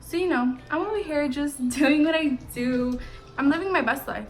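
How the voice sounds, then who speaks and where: A teenage girl with a high voice tells a story in a relaxed, slangy way. She often drops her voice to a soft murmur for quick asides. Faint music plays quietly behind her. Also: poor audio. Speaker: vlogger's best friend. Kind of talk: casual storytelling chat.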